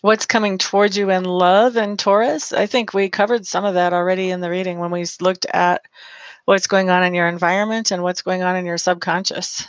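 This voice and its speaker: A woman's voice: on the low side, steady tone, brisk, dry recording. A woman giving a live-streamed tarot reading, chatty and affectionate, calling listeners honey and reading out viewer comments. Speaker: tarot reader.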